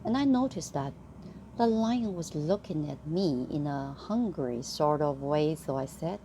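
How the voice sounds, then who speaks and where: A woman reads a bedtime story aloud, taking her time over each phrase. Her pitch rises and falls in a lively way, sitting in a mid range, with a faint hiss of ambient noise behind her. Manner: slow, expressive read-aloud.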